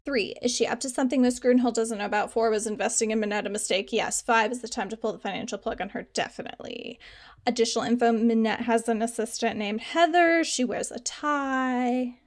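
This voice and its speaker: A woman's voice: on the high side, fast, hardly any pauses. A young adult woman streaming a game, joking, rambling and teasing herself in casual commentary. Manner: jokey, self-mocking, rambling.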